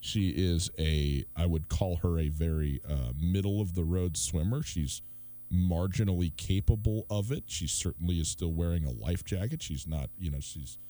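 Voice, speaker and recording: A man in his thirties hosting a radio talk show, chatting casually and getting animated as he asks listeners to weigh in. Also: deep voice, moderate pace. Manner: lively, animated storytelling with rising emphasis. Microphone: studio microphone.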